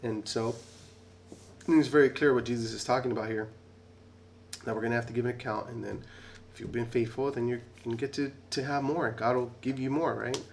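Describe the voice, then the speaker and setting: A man's voice: mid-range voice, fairly even intonation, a little fast, gravelly, a little hiss or hum. A middle-aged man who teaches a casual Bible study, talking conversationally with frequent tag questions and restarts. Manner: conversational, repeats "right?", restarts often.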